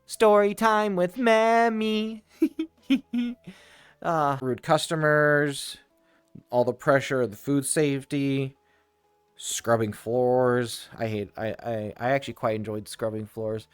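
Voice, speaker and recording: A man telling casual stories from his old job, rambling with frequent restarts and tangents and laughing quickly now and then. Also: medium pitch, little pitch movement, clear, resonant tone, no room sound, soft background music. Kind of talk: casual storytelling.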